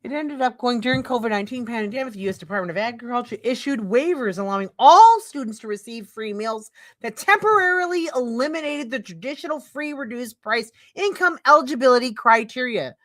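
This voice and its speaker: A woman's voice: fairly high pitch, expressive, brisk, few pauses. Profane, heated woman ranting on stream. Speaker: streamer commentator. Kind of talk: ranting commentary while reading aloud. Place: home streaming setup.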